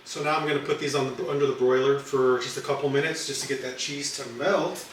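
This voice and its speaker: A man's voice: medium pitch, fast, slight background noise. Man, cooking host, loose and chatty with fillers; echoey room, distant mic. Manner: relaxed and rambling, with fillers. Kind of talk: casual cooking chat.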